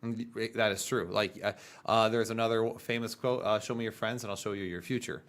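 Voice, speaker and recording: Male podcast host, thirties, low voice, earnest and animated, casual chat delivery. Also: fairly quick. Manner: earnest, animated storytelling with laughs.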